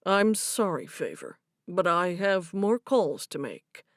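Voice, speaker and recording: Brief: calm somber man, read by a female narrator, slow and measured, dry sound. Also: lowish voice, no echo, exaggerated voice. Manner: slow, steady, subdued. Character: calm grown man delivering bad news. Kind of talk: audiobook character voice.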